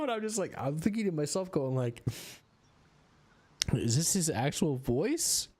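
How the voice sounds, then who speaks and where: A tired young man streams a game and keeps up casual, goofy commentary, reading dialogue aloud in put-on voices. His voice is a little high and darkish in tone, animated, at a normal speed.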